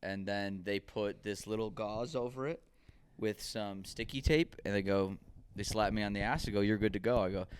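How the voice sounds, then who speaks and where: A man's voice: fairly low pitch, normal speed, hardly any pauses, clean tone. A man co-hosting a casual podcast, telling rambling stories and acting out quoted dialogue. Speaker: podcast co-host.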